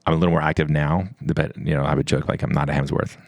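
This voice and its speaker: A man's voice: rumbling low, flat delivery, quick pace, gravelly, no echo. A middle-aged man from the US East Coast telling stories in a casual chat, rambling with many restarts and quoted dialogue. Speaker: podcast guest. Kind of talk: casual storytelling.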